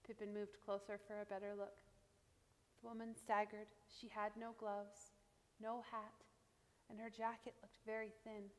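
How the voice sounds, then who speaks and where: A woman reading a Christmas picture book aloud to children, with a gentle, expressive delivery. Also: mid-range voice, unhurried, in a large hall. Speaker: children's storyteller.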